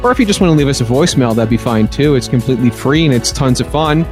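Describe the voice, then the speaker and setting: A man's voice: medium pitch, lively intonation, quick pace. Brief: male podcast host, easygoing sign-off delivery, light music bed. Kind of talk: casual podcast chat.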